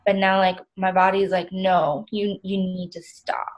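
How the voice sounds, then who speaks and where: A young woman acts out an overwhelmed client in a counseling role-play. She talks in rambling runs full of fillers, self-critical and tired, at an ordinary mid pitch. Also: level tone, a little slow, close to an everyday voice, rough recording. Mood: weary, frustrated.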